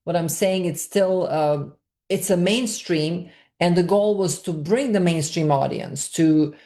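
A woman's voice: on the low side, unhurried, warm tone. A woman filmmaker answering interview questions in long, searching explanations, often repeating words as she works toward her point.

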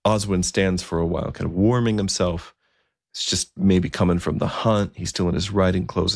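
A man's voice: low-pitched, creaky, no room sound, clean studio sound. A man telling a story in a conversational, vivid style. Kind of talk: storytelling narration.

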